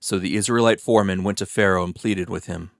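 A man reading scripture aloud as scripted narration, in a steady, even manner. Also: low-pitched, fast talker, vocal fry, dry recording, clean studio sound. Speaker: scripture reader.

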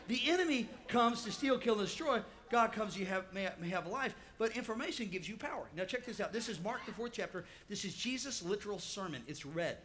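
Male pastor, storytelling sermon, animated, calls out to the crowd, very bright voice. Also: sits high.

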